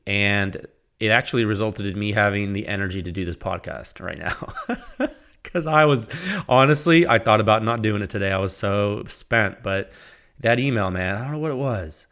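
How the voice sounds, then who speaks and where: A man with a lowish, fairly bright voice speaks at a normal pace, hosting his own podcast. His solo talk is casual and rambling, and he laughs at himself while reading his own sponsor plug.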